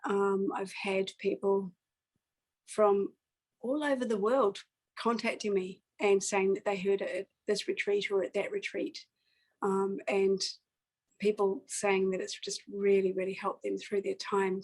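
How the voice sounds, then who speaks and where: A woman's voice: medium pitch, darkish tone, low-quality recording. Earnest woman telling a personal story. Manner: reflective and earnest, with many pauses and fillers. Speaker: singer-songwriter guest.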